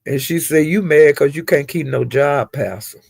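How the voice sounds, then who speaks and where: A man giving a casual, rambling gossip recap of livestreams, with animated retelling and frequent asides. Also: a little high, normal speed, creaky, breathy edge, dry recording.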